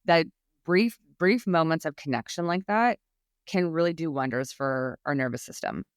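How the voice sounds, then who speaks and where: A woman's voice: low-pitched, lively intonation, normal speed, no echo, clean studio sound. A woman guest expert on a podcast, talking about public speaking anxiety in an earnest, encouraging way, often restarting her sentences. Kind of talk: podcast interview.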